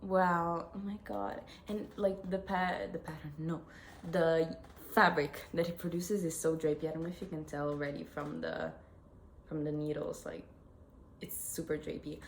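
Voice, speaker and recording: A woman's voice: sits low, lively intonation, normal speed. A young woman with an Italian accent, chatting casually to camera as host of her knitting podcast, self-correcting and giggling as she goes. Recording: echoey room with faint noise.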